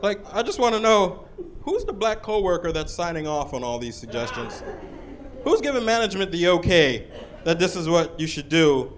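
A man performing a stand-up comedy set on a club stage, lively and jumping into shouted put-on voices. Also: sits high, moderate pace, slight background noise. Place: comedy club stage under hot lights.

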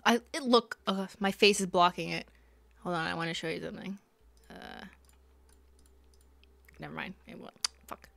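A woman's voice: on the low side, normal speed, creaky, pauses often, a bit bright. A young woman chatting casually with her viewers while live-streaming a game, giggly and talkative. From Canada. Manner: chatty, giggly, talks to chat.

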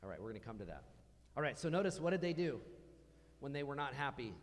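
A man's voice: medium pitch, big pitch swings, quick pace. Man preaching in a reverberant church hall. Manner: conversational, asks the congregation questions. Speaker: pastor. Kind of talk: sermon.

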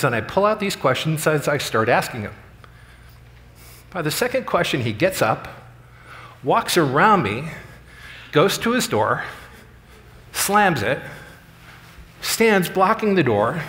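A man's voice: a little high, expressive, unhurried, pauses often, a bit bright. Middle-aged man giving a conference keynote. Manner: earnest, story-driven, acts out quoted lines. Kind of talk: storytelling keynote speech. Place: large conference hall. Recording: long hall reverb.

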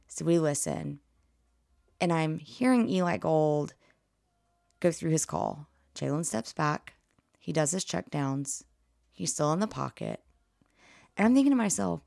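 Woman host, low and gravelly, nearly losing her voice, excitable play-by-play storyteller, dry close recording. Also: a little slow, long pauses, no room sound. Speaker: podcast host. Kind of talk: casual sports recap.

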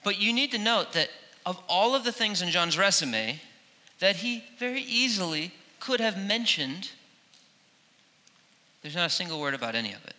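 A man preaching a sermon as pastor, animated, acting out quoted lines with playful emphasis, in a large church. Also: high-pitched, moderate pace, long pauses. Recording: long hall reverb in a church.

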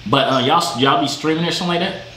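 A man chatting with strangers on a video chat, loud, joking and slangy, in a gaming room. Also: fairly high pitch, quick pace. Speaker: vlogger chatting with strangers online. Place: gaming room with sound panels. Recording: echoey room, faint background noise.

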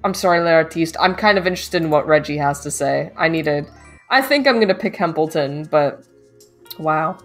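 A woman streaming a game, playfully reacting aloud with frequent laughter, slightly low voice. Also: moderate pace, faint music behind. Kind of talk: let's play commentary.

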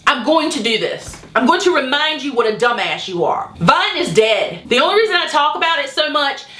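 A woman's voice: sits high, big pitch swings, fairly quick, sharp tone, roomy sound. A woman YouTuber in an angry, sarcastic, profane rant vlog. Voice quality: profane, cutting. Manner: indignant, sarcastic ranting.

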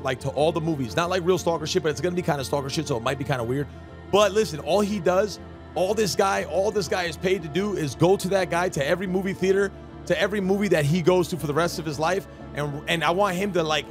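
A man streaming a game, ranting heatedly and swearing constantly in casual chat. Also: on the high side. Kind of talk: casual live-stream rant.

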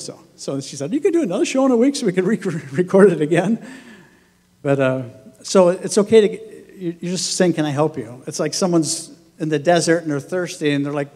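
A pastor delivering a sermon in a church, telling stories in a conversational way and acting out what people said. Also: male voice, on the high side, a little mellow, big-room sound. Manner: conversational storytelling, acts out quoted voices, laughs often. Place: church sanctuary.

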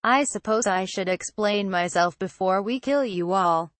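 A woman voicing a cruel, sneering middle-aged male cop who taunts slowly and menacingly. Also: medium pitch, fairly bright tone, no room sound, close to an everyday voice. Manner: slow, mocking, menacing.

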